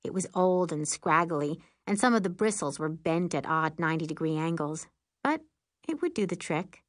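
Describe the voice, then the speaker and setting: A woman narrating a first-person audiobook in a lively, wry, expressive way. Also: deep voice, normal speed, no echo, studio quality.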